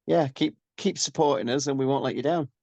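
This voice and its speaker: A man with a Yorkshire accent, a rock singer chatting as a guest in a relaxed, rambling, modest way. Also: medium pitch, a little fast, vocal fry, no echo. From Yorkshire, England. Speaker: rock band frontman, guest. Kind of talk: casual interview chat.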